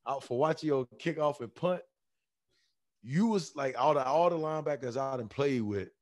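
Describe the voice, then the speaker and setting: A male podcast host banters with his guest in loose, slangy talk. His voice sits at a middle pitch, and the recording is close and dry, with no room sound. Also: normal speed, a little mellow, no echo. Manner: laid-back, slangy banter. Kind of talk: casual chat.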